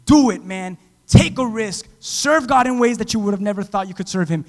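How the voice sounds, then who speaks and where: A man preaching a sermon as pastor, dramatic, swinging from loud to hushed and acting out quotes. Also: high voice, moderate pace, in a large hall. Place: church.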